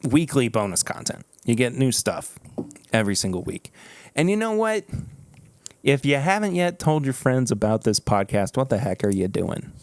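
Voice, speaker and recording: A man hosting a casual podcast, upbeat and quick to laugh, reading plugs quickly. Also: mid-range voice, sing-song, a little mellow. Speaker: podcast host.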